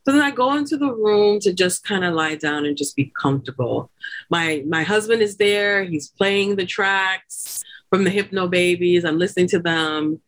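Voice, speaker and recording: A woman guest on a podcast, telling her own story in a chatty, laughing way and acting out the people she quotes with loud, high bursts. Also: normal speed. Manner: chatty, laughing often, many fillers like "like" and "you know". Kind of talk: animated birth story told in casual chat.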